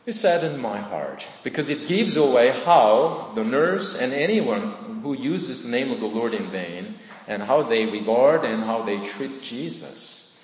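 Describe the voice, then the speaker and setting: A man preaching a sermon as pastor, earnest and emphatic, slowing down on key points. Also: medium pitch, expressive, roomy sound, long reverb tail, poor audio.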